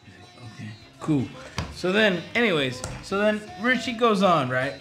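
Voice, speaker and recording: A man's voice: high-pitched, big pitch swings, moderate pace, faint music behind. A man retelling a movie in a rambling, profane comedic style, acting out the characters. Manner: rambling, profane, acts out characters with loud outbursts.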